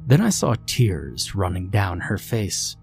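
Slow, low-voiced male horror narrator. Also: very animated, creaky. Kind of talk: scripted horror story narration. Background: faint music.

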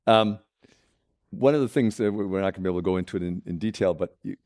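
A man hosting a conversational interview, asking thoughtful, measured questions. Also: sits low, darkish tone. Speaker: interviewer host.

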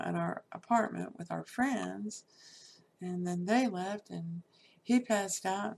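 Gravelly woman telling her story. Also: lowish voice, darkish tone. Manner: candid and salty, with frequent fillers and laughs. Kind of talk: personal life story told casually.

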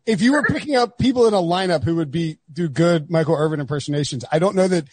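A man's voice: a little high, animated, quick pace, darkish tone, slightly rough, dry recording. A man from North Carolina hosting a casual sports podcast, chatty and rambling with lots of restarts. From North Carolina, USA. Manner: chatty, rambling, self-deprecating, many restarts. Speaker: podcast host.

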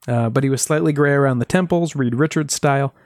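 A podcast host telling a true-crime case in casual chat, with wry asides and filler pauses. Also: mid-range voice, darkish tone, no echo, clean studio sound.

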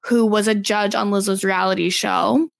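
A woman's voice: medium pitch, steady tone, normal speed, creaky, no echo. A woman co-hosting a podcast in casual, opinionated chat, saying "like" often. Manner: conversational, opinionated, uses "like" often. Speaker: podcast co-host.

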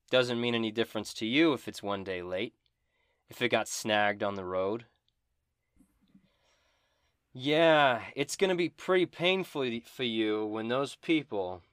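A man's voice: medium pitch, fairly bright tone, no room sound, clean studio sound, voice pushed up. A man voicing a menacing male villain who sneers and swears at a fallen hero in a tabletop game.

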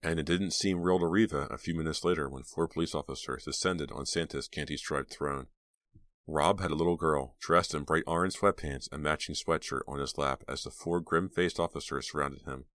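A man narrating an audiobook in a steady, measured storytelling manner. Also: extremely low pitch, no echo, clean studio sound. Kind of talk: scripted narration.

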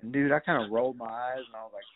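A man's voice: mid-range voice, racing. Rambling middle-aged man, tinny sound. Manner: rambling, with many fillers and swearing. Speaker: guest. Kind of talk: casual storytelling.

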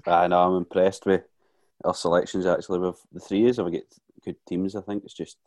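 A Scottish man on a podcast, halting and filler-heavy as he chats. His voice is notably low-pitched and sits well below the other hosts. He talks in a relaxed, easy way. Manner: hesitant, many fillers. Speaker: podcast co-host. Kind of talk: casual chat.

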